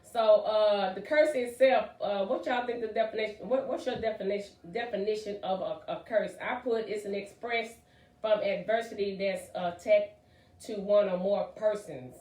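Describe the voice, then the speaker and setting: A woman hosting a casual talk show, chatty and excitable with lots of fillers. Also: mid-range voice, moderate pace, distant mic. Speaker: podcast host. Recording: echoey room, voice off-mic.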